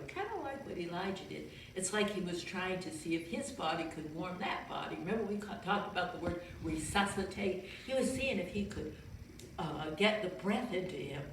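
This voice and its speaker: Gentle woman telling a children's story. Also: lowish voice, moderate pace. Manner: gentle, explains and asks listeners questions. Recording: very echoey room, far from mic, faint noise.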